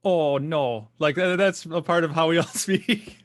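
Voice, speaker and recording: A man's voice: fairly high pitch, steady tone, moderate pace, a bit bright, no room sound, studio quality. A man co-hosting a casual garden podcast, laid-back and joking. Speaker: podcast co-host.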